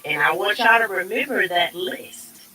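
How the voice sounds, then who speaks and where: A commentator speaking in a measured, deliberate way about numerology. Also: medium pitch, animated, noisy background. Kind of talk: slow spoken commentary on numerology.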